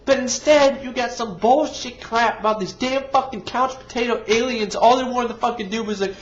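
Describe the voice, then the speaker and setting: A man's voice: extremely high pitch, normal speed, hardly any pauses. A man reviewing a movie in an exasperated, profane rant full of sarcasm. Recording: dull lo-fi recording.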